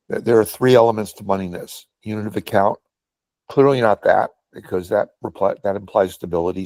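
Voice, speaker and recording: A man's voice: lowish voice, darkish tone, dry recording. A man in a meeting discussion, making his points emphatically and stressing key words. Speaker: meeting participant. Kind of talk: discussion comment.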